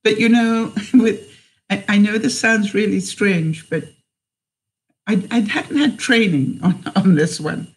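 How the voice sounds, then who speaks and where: A woman vlogger tells a personal story at a slow, unhurried pace. Her voice sits mid-range, and she hesitates often, with fillers and restarts. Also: medium pitch, rough recording.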